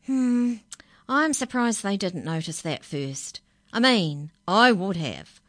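A woman's voice: medium pitch, expressive, takes it slowly, voice pushed up. A woman voicing a curious, skeptical child who keeps interrupting a story with questions.

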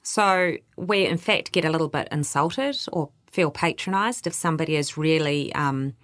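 A woman's voice: low voice, normal speed, a bit bright, no room sound. A woman with a New Zealand accent, answering interview questions as a workplace culture adviser, explaining patiently. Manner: explanatory, quotes others in livelier voices.

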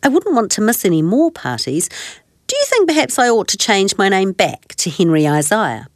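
A woman's voice: mid-range voice, very animated, normal speed, no room sound, close to an everyday voice. A woman voicing a shy young male teddy bear in a plaintive storybook voice. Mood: hopeful.

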